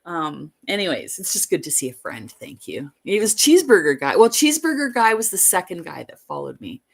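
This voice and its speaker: A woman with a low, gravelly voice tells a long story on her livestream. She rambles and doubles back, and she leans hard on the details she is certain of. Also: big pitch swings, a little fast. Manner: rambling, emphatic retelling. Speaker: livestream host.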